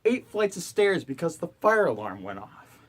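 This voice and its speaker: A man's voice: on the high side, very animated, normal speed. A young man and college student ranting to camera in his dorm room, exasperated and profane. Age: young adult. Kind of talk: ranting vlog.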